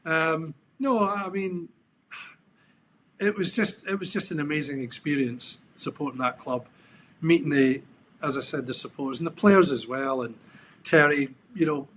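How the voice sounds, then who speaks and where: A middle-aged man with a Scottish accent, chatting as a guest on a podcast. His voice sits a little higher than most men's, and he wanders through his stories with plenty of ums and restarts. The mood throughout is relaxed and reflective. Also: normal speed, slight background noise. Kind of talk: casual interview chat.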